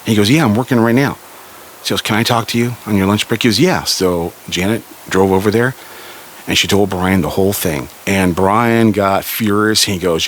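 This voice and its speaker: A man from Southern California telling a family story in a casual spoken way, lively and raising his voice for the people he quotes. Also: slight background noise. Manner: animated, raises pitch for quoted characters.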